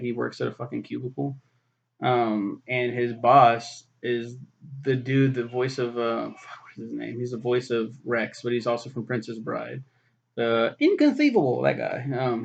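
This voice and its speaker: A man's voice: mid-range voice, creaky, slightly rough. A man casually reviewing a film in a rambling, profane way, full of fillers and restarts. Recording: dull lo-fi recording.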